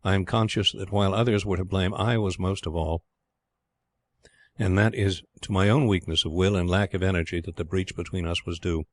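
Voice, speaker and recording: A man reading as a remorseful ailing gentleman. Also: sits low, fairly even intonation, natural voice. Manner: formal, measured, sincere.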